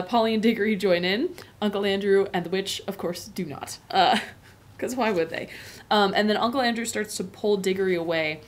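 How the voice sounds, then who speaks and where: A woman in a casual, explanatory tone, teaching a lesson on a novel. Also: fairly low pitch. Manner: explanatory and conversational. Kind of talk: book lesson.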